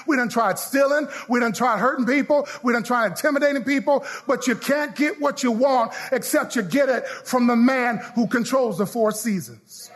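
A man a sermon, calling out to the congregation and leading call-and-response, his lines half sung and shouted. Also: very high-pitched. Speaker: pastor.

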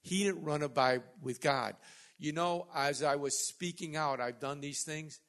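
A man in his sixties preaching a sermon as pastor, swinging between loud emphatic passages and quiet joking asides to the congregation. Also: on the high side, measured pace.

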